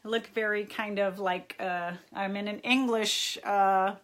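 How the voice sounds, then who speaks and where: A woman's voice: medium pitch, fairly even intonation. A woman from Southern California, a therapist hosting a casual live-stream chat from a home library, upbeat and chatty, greeting viewers by name. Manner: hyper, talks fast. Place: library room at home, indoors.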